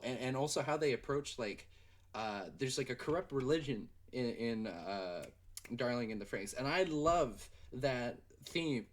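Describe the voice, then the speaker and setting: A young man hosting a casual livestream Q&A, rambling and excitable with lots of fillers. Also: medium pitch, measured pace. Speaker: livestream host and animator.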